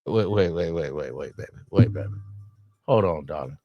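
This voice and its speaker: A man's voice: normal speed, no echo, highs cut off. A man with a Southern US accent doing casual, teasing commentary while reacting to a video, drawling his words. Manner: playful, teasing, drawls words and swings his pitch up high.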